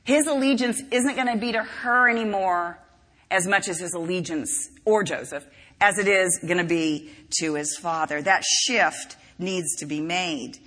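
In a reverberant large hall, a woman preaches a sermon in a conversational, storytelling style full of asides. Her voice is lowish, a bit bright, and a little slow.

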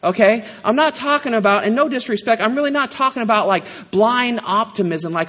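A man preaching a casual, animated sermon with a fairly high voice. He talks like he's chatting with the congregation and keeps tossing in rhetorical questions. The sound carries a long reverb from a church hall. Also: a little fast, hardly any pauses. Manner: conversational, animated, frequent rhetorical "right?".

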